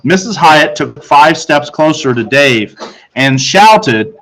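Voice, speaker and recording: A man, a teacher, narrating a children's novel aloud in a steady storytelling voice that picks up speed in tense moments. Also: on the high side, slow pace, low-quality recording.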